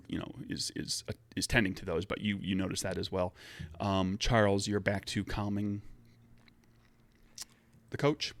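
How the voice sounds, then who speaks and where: A man's voice: lowish voice, fairly bright tone, dry recording. A man narrating as game master, explaining rules at length with many fillers and restarts.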